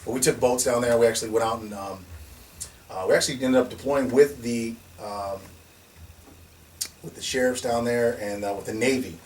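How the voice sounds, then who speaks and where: A man telling stories in a casual conversation as the founder of a security company, animated and laughing, often restarting and acting out what people said. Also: medium pitch, moderate pace. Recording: distant mic with faint noise.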